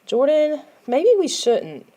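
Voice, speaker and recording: A woman's voice: mid-range voice, lively intonation, brisk, dark tone, lightly acted. A woman reading the part of a cautious young girl who speaks in an urgent, worried way.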